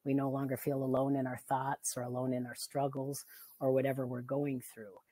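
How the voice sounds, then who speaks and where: A woman's voice: very deep voice, flat delivery, a little fast, mellow, no room sound. A middle-aged woman, a family therapist, talking in a casual interview, earnest and reflective, laughing easily. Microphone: video call.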